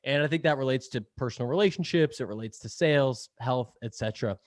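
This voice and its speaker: A young man talks loosely as a podcast guest, full of fillers and easy laughs, with the odd swear word. His voice sits at an ordinary middle pitch. The sound is dry and close, with no room around it. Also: fast talker, no echo. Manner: rambling, filler-heavy, laughs often, swears casually. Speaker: podcast guest, sales podcast host. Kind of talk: casual interview chat.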